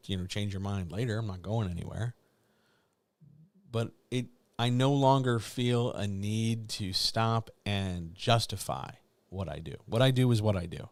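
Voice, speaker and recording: A middle-aged writing coach with a fairly low voice talks to viewers in a casual live chat, recorded with no room sound. He's candid, rambling and self-deprecating.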